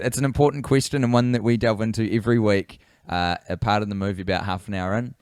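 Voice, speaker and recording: A man's voice: on the low side, fairly even intonation, quick pace, few pauses, darkish tone, clean tone, no echo, studio quality. A man co-hosting a comedy podcast, playful and riffing in casual chat. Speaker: podcast co-host.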